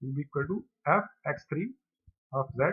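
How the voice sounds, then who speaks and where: A man's voice: on the high side, moderate pace, husky. Man explaining math on a tinny mic. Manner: steady, methodical step-by-step explaining. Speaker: teacher. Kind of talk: exam problem lecture.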